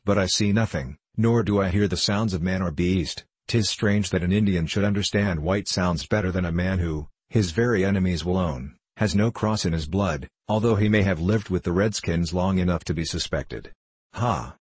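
A man's voice: deep voice, normal speed, breathy edge, dry recording. A man reading the lines of a seasoned, boastful frontier scout with folksy old-fashioned speech in an audiobook.

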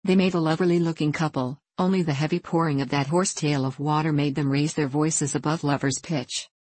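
A woman narrating a classic novel in measured, scripted audiobook style. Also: deep voice, fairly even intonation, a little mellow, dry recording.

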